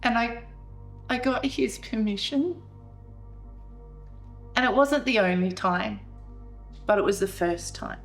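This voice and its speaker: A woman's voice: on the high side, takes it slowly, pauses often, faint music behind. A woman telling a painful family story in a documentary interview, acting out the scenes with emotion. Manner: emotional, re-enacting scenes with rising voice. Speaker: veteran's wife telling her story.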